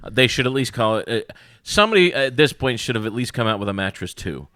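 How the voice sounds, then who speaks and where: A man's voice: mid-range voice, fast talker, dry recording, clean studio sound. A man hosting a podcast, chatting casually and rambling through stories between guests. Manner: rambling, animated storytelling with voices. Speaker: podcast host. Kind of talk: casual chat.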